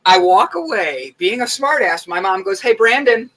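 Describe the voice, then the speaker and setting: A man's voice: sits high, very animated, moderate pace, a bit bright, rough recording. A young man co-hosting a casual morning show, telling stories in a chatty way with lots of fillers. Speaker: co-host.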